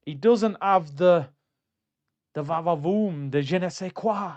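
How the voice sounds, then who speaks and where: Middle-aged guy hosting a fan stream; high-pitched, mocking, slightly dull lo-fi audio. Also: a little slow. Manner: animated, mocking, jumps into high exclaims. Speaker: football fan channel host reading viewer comments. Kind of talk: casual live-stream rant.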